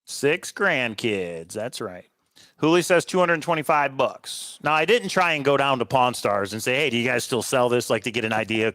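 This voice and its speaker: Clear and resonant, this man's mid-range voice carries a fairly bright tone with no echo around it. As a livestream co-host, he talks cheerfully about what he's sold and responds to viewers, chatty and quick with a laugh or an aside.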